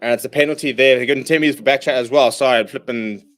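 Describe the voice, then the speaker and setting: A young man hosting a live watchalong, calling the play and reading out viewer comments, and he bursts out loud at big moments. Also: medium pitch, very fast. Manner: excitable, shouts at big plays, reads viewer comments. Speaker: host.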